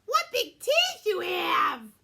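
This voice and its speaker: A woman's voice: huge pitch swings, slow pace, sharp tone, heavily acted. A woman voicing a polite, eager little girl in a storybook read aloud. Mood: amazed. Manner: high, sweet, eager.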